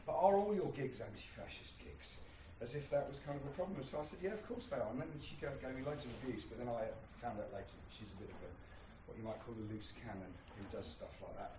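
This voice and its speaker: A man's voice: mid-range voice, fast, hardly any pauses, echoey room, distant mic, background noise. A man from Britain, a folk singer, chatting loosely to a club audience between songs, rambling and self-deprecating with many ums. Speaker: folk singer performing live. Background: acoustic guitar.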